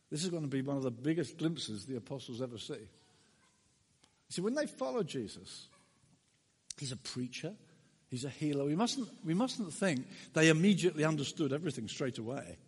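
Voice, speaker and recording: A man preaching a sermon, animated and dramatic, swinging between loud emphasis and quiet. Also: medium pitch, slightly rough. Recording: long reverb of a large hall.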